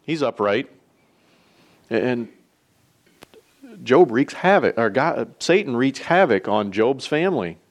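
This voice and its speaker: A man's voice: mid-range voice, expressive, takes it slowly, pauses often. A man teaching a Sunday school lesson, telling a parable and stressing points by repeating them. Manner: emphatic, repeats key points. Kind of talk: sermon storytelling.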